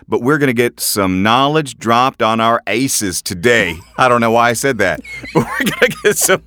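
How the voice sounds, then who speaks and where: A man co-hosting a podcast, excitable and jokey, often laughing. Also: mid-range voice, moderate pace, dry recording. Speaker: podcast co-host. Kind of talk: casual chat.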